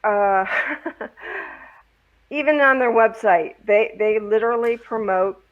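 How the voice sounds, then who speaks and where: Woman guest, slow halting speech, measured, muffled lo-fi audio. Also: fairly high pitch. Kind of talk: casual interview chat.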